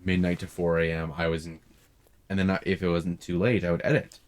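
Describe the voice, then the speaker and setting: A young man with a very low, deep voice tells a story in a relaxed podcast chat. He rambles in an animated way, restarts his sentences and fills them with "like". He makes online videos. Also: fairly quick.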